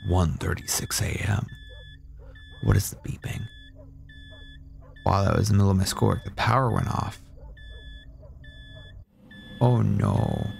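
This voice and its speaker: A man's voice: lowish voice, measured pace, vocal fry, pauses often, a little mellow, slight background noise. A young man giving casual, profane commentary while playing a horror game, now and then dropping to a whisper. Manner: joking, swears a lot, drops into whispers. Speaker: gaming streamer. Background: game music.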